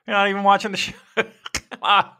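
A man's voice: sits high, moderate pace, smooth. A man co-hosting a casual wrestling podcast, rambling and swearing as he tells stories. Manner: profane, rambling, animated storytelling. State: dealing with a sore shoulder. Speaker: podcast co-host.

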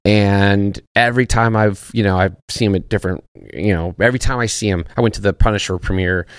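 A man's voice: lowish voice, a little fast, no echo, studio quality. A man talking as a podcast guest in casual chat, laid-back and profane, searching for his words. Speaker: podcast guest, actor and former soldier.

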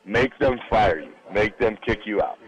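A man with a lower voice tells a long anecdote as a radio guest. He is middle-aged and acts out the people in his story, jumping up in pitch when he quotes them. It is a casual, chatty interview. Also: animated, normal speed, slightly rough, highs cut off. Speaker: guest, former college football lineman. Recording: radio broadcast studio.

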